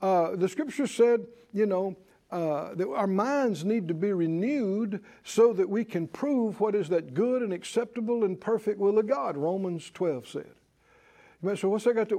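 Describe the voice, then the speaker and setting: A high-pitched man preaches a sermon at normal speed, his intonation lively. He works in a rhythmic call-and-response, climbing to bursts of emphasis before dropping low and soft.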